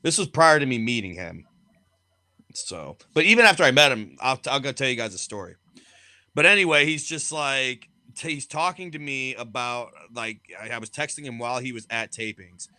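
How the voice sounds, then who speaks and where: Man, podcast co-host, blunt profane storyteller, tense bright tone, dry sound. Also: medium pitch, expressive, normal speed, no room sound. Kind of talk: casual chat.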